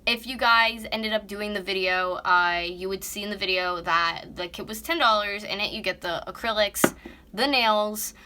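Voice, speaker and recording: A North American beauty vlogger in her twenties rambles bluntly and swears through a casual live-stream nail tutorial, sitting at a vanity in her warm bedroom with her phone camera propped up close. Her mid-range voice moves at a normal speed over some background noise.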